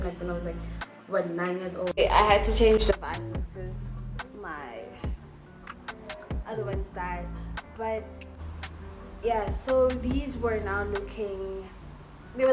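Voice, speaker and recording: A young adult woman, telling a personal story in a candid, emotional vlog, with lots of 'like' and 'you know'. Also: medium pitch. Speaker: vlogger. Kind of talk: storytime vlog, casual chat. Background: background music.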